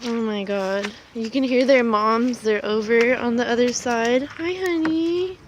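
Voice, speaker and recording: A woman's voice: a little high, steady tone, unhurried, a little hiss or hum. A woman, a mother and vlogger, talking tenderly and with distress to her child outdoors on a cold farm. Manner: tender, upset, pleading. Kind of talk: emotional outdoor vlog talk to her child.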